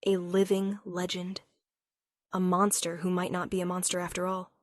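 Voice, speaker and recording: A woman's voice: fairly low pitch, monotone, moderate pace, no room sound, studio quality. Woman narrating a romance story.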